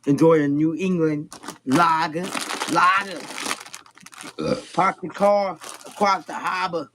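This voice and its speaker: A man doing an exaggerated Boston accent as a loud beer-ad pitchman, heard in a noisy clip. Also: flat delivery, slow. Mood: hyped pitch. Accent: Boston put-on.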